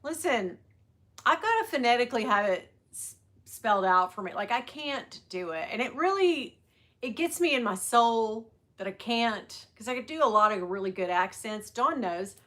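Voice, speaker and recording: A woman's voice: fairly high pitch, animated, moderate pace, a bit bright. A middle-aged woman chatting casually on a livestream, rambling and greeting viewers by name. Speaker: livestream host selling bags. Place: at work on a sales floor.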